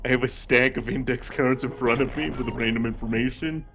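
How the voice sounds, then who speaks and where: A man co-hosting a livestream, talking casually and haltingly with many fillers. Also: medium pitch, steady tone, a bit bright, a little hiss or hum. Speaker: stream co-host and student.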